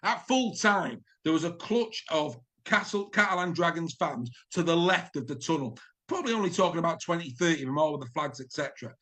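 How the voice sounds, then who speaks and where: A man giving a comic, theatrical rugby league review, gushing and shouting the punchlines. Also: fairly high pitch, animated, a little fast. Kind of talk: comic match review commentary.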